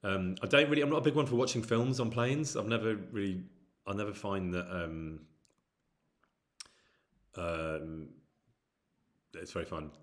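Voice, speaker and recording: Low-voiced man chatting on a stream. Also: a little slow, pauses often. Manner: rambling, reads out and answers viewer questions; frequent hesitant fillers. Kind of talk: casual live-stream chat.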